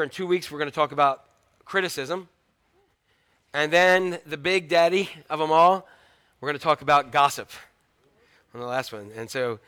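A middle-aged man pastor giving a sermon, telling family stories with humor in an animated way. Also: a little high, no echo.

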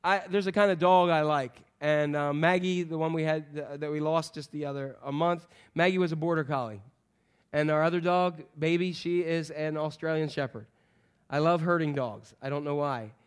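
A middle-aged man preaching a sermon as pastor, animated, swinging from loud calls to hushed, soft passages. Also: fairly high pitch, moderate pace, smooth.

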